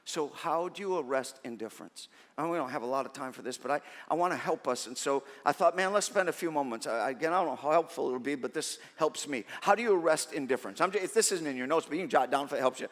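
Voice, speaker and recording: A middle-aged man preaching a sermon as pastor, conversational and animated, with self-deprecating stories. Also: fairly high pitch, fast, few pauses. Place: large church auditorium. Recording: long reverb of a church hall.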